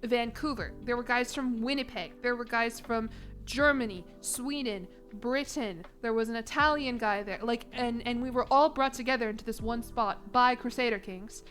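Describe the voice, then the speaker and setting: A woman's voice: on the high side, moderate pace, fairly bright tone, faint music behind. A young woman from Chicago chatting casually on stream, rambling and emotional, laughing at herself. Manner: rambling, emotional, self-mocking, laughs often.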